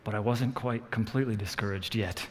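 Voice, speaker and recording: Animated male pastor telling a story in a hall. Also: on the low side, brisk. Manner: animated storyteller, acts out quotes, laughs at himself. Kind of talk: sermon with personal story. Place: church hall. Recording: long reverb of a church hall.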